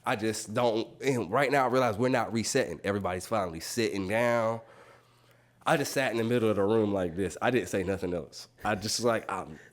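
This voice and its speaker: Talking a little fast in a lowish voice, a man who works as a tattoo artist spins casual stories on a podcast. His slangy talk is full of swearing, and his voice jumps abruptly when he acts out quotes.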